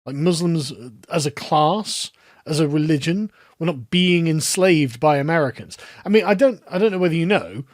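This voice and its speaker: A man's voice: fairly high pitch, expressive, moderate pace, no room sound, studio quality. A man giving scoffing, sarcastic commentary on a video clip. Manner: sarcastic, scoffing, laughs at his subject. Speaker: online commentator. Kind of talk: mocking commentary on clips.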